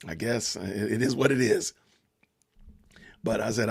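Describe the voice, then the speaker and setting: A man's voice: lowish voice, a little slow, vocal fry, breathy edge. A man with a Southern Georgia accent hosting a casual livestream podcast, chatting loosely with viewers and greeting the chat. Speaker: podcast host.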